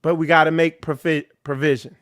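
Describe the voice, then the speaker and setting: A man's voice: fairly high pitch, level tone, fairly quick, fairly bright tone, smooth, dry recording, studio quality. A man leading an informal ministry talk, preaching bluntly and with animation. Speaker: ministry leader. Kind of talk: informal sermon.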